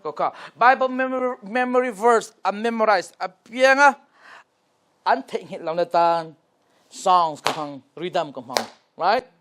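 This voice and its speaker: A man's voice: sits high, expressive, measured pace, a bit bright. A man with a Mizo accent, a pastor leading a teacher training, asking questions and having the group repeat and clap. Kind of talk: interactive workshop teaching. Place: church classroom.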